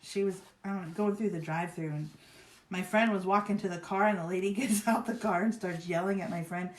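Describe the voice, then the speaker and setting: A woman's voice: on the low side, fairly even intonation, a little fast. A woman from Virginia hosting a live craft demo, chatting in a rambling, upbeat way while she works. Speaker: craft livestream host. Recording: roomy echo.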